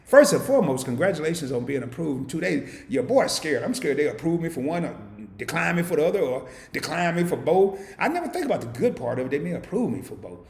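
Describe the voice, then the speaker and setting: Animated playful man hosting a live stream. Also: quick pace, vocal fry, hardly any pauses, roomy sound. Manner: animated and playful, swinging from loud hype to low murmurs. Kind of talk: casual live stream chat, reading viewer comments. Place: home.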